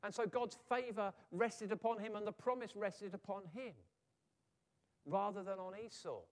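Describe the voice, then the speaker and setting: A man preaching a sermon in a lively way, sometimes acting out quoted voices. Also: high-pitched, normal speed, big-room sound. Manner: animated, acts out quoted voices.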